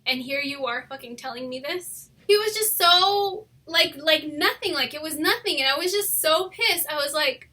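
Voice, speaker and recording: A young woman telling a personal story in a casual, animated way, swearing often and saying "like" a lot. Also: sits high, moderate pace, hardly any pauses. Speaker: storytime vlogger.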